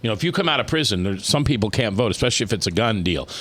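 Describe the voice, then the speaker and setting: A man with a lowish, expressive voice and a fairly bright tone hosts a talk radio show. He chats casually and rambles, often restarting his sentences and drawing out words for emphasis.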